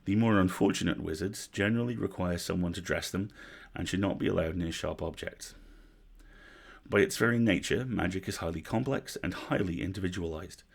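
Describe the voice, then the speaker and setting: A man reading a story aloud on a livestream, measured, with wry asides. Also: low-pitched, creaky. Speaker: story reader.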